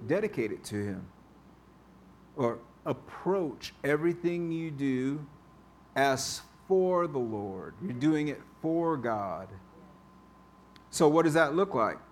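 Male pastor preaching slow and easygoing, repeats his lines, faint church room hum. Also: mid-range voice. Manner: conversational, repeats key phrases for emphasis. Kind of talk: sermon. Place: church sanctuary.

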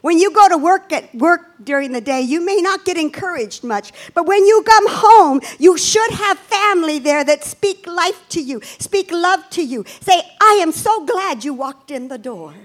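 A woman preaching a sermon, animated and emphatic, with self-deprecating asides. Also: extremely high pitch, moderate pace, few pauses. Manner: animated, with lively swings in emphasis.

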